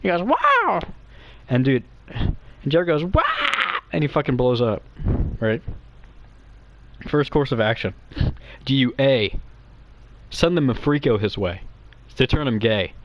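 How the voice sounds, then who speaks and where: A young man rambling crudely and nervously as a guest to some streamers, giggling as he goes. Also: mid-range voice. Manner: nervous, quick and quiet. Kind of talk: rambling comedic chat.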